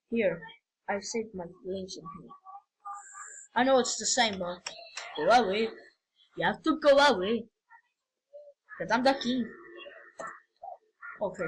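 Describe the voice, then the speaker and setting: A woman giving casual, rambling game commentary, excitable and prone to sudden yelps and shouts. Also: fairly high pitch, husky, poor audio. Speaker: gamer.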